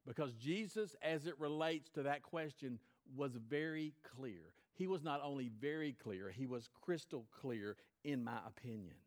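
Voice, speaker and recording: A man preaching a sermon to his church, emphatic, rising high and loud then dropping low and quiet. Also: normal speed, hardly any pauses. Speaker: pastor.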